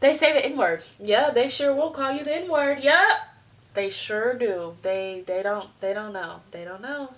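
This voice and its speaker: Her voice sits a little high and she speaks without hurry. She's a young American vlogging casually to her desktop webcam, ranting with animation and imitating people's voices as she tells her stories.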